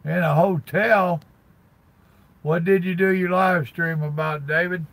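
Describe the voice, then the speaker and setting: An older man with a gravelly, crackly edge and a bright, forward tone, drawling casually. He talks from his truck cab like he's catching up with old friends, greeting people by name. His voice sits a touch higher than you'd expect. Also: steady tone, measured pace, no room sound. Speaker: truck driver live-streamer. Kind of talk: casual live stream chat with viewers.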